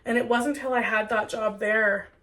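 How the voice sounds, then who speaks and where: A woman's voice: on the high side, fairly even intonation, normal speed, pushed and bright. Earnest young woman, a little far from the mic. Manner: earnest, heartfelt, chatty with many "like"s. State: sick with a cold. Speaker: spiritual content creator. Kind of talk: Q&A vlog, talking to viewers.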